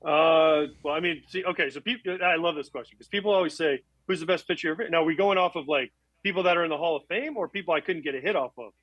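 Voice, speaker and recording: Brief: quick, chatty male guest, dry close sound, self-mocking storyteller. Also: a little high, a bit bright, dry recording, lo-fi sound. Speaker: guest, former baseball catcher. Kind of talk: casual chat.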